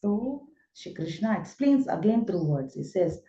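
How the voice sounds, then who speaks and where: A woman teaches scripture in a storytelling manner and asks her listeners rhetorical questions. Her voice is mellow and warm. The recording sounds roomy and somewhat dull. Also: medium pitch, very animated, measured pace. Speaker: spiritual teacher. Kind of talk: scripture lesson.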